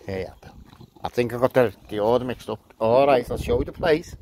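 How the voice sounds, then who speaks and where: A man's voice: medium pitch, brisk. A man coaxing and chatting to animals as he feeds them outdoors at night, in casual running commentary. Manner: gentle, coaxing talk to animals. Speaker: vlogger feeding animals. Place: outdoors at night in a windy garden. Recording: noisy outdoor recording with wind.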